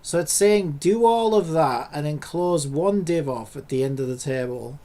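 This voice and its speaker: A man's voice: a little high, moderate pace, warm tone. A man in a casual coding vlog who swears and rants in exasperation at his screen. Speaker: hobby programmer.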